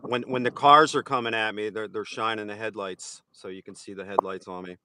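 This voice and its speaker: A man's voice: on the low side, steady tone, a little fast, heavy background noise. A man joining a casual live chat from a roadside at night, talking in an agreeable way with frequent hesitations. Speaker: co-host guest. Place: roadside outdoors at night with passing cars.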